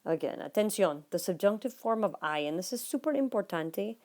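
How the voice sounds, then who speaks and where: A woman teaching Spanish, explaining grammar notes patiently and speaking straight to her students, sometimes dropping to a quiet murmur as she writes. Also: animated, brisk. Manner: drops to a low, near-whispered aside while writing. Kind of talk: recorded classroom lesson notes.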